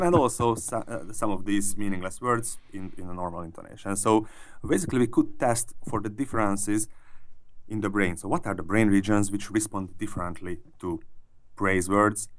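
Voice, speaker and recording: A researcher appearing as an interview guest thoughtfully explains his findings, often restarting and repeating words. His voice is on the low side.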